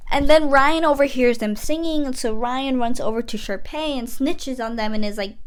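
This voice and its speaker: A young woman vlogger recapping a movie in a chatty, casual way, often slipping into quick quoted asides. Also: on the high side, clear, resonant tone.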